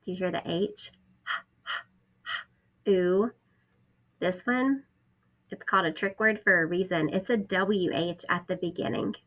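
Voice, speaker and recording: A woman teaching a phonics lesson to first graders, sounding out letters and words slowly and clearly. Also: fairly low pitch, a bit bright. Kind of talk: phonics lesson for young children.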